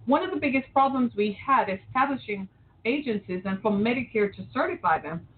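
Her voice sits on the high side, animated and a touch fast: a middle-aged woman from Metro Detroit, Michigan, hosting an opinion talk show with a heated monologue of rhetorical questions. Slight background noise comes through the tinny, phone-like recording.

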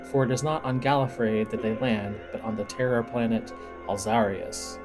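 A man co-hosting a casual podcast, easygoing, who also reads text aloud with drama. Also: medium pitch. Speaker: podcast co-host and editor.

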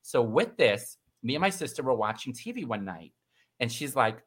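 A middle-aged man telling a personal story in casual conversation, animated and acting out the voices of the people in it. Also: normal speed, slightly rough. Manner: animated, acts out quoted voices with big pitch jumps. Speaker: guest.

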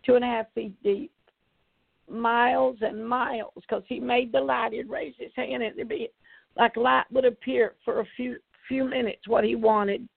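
A woman's voice: a little high, steady tone, measured pace, creaky, slightly rough, dry recording. An older evangelist woman, giving an emphatic testimony and repeating phrases for effect. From Tennessee, US. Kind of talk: testimony preaching. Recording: tinny phone-like audio.

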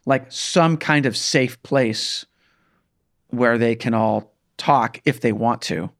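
A man in casual political discussion, halting with fillers and restarts. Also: medium pitch, a bit bright. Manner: hesitant, restarts, many fillers like "like" and "right".

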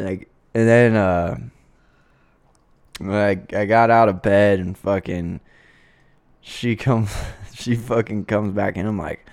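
A young man with a low, gravelly voice tells a rambling story in a loose, laid-back way, swearing often and leaning on fillers. The sound is dry and close, with no room around it. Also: measured pace, darkish tone, dry recording. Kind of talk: casual storytelling chat.

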